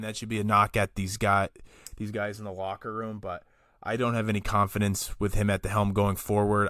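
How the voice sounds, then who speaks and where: A man's voice: on the low side, fairly bright tone, no room sound, studio quality. A man appearing as a guest on a sports podcast, giving blunt, opinionated takes in casual chat.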